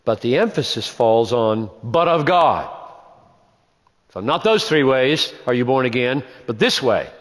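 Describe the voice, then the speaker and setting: A man's voice: mid-range voice, lively intonation, normal speed, hardly any pauses, in a large hall. A man teaching the Bible, emphatic, repeating key phrases and posing rhetorical questions.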